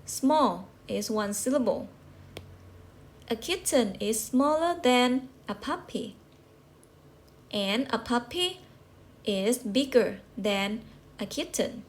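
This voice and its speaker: Slow, patient woman teaching English. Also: a little high, lively intonation. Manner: patient, repeats and checks with rhetorical questions. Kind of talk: slow classroom explanation.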